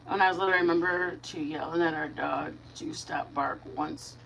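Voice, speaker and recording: A woman's voice: fairly even intonation, moderate pace, creaky, a little hiss or hum. Chatty middle-aged woman on a live stream. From Michigan. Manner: chatty, warm toward viewers, greets chat by name, talks to her dogs in a high baby voice. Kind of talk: casual live-stream chat.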